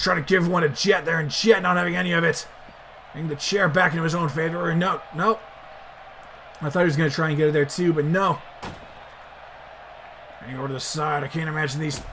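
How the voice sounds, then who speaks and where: A man doing excited play-by-play commentary over a wrestling video game, bursting into shouted exclamations. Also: high voice, a little hiss or hum.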